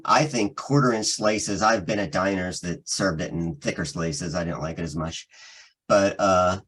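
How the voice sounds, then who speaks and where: A man with a thick Philadelphia accent chats casually with his bandmates. His voice sits a little low, and he rambles, restarts and laughs as he explains. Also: low-quality recording. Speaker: band member. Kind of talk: casual chat.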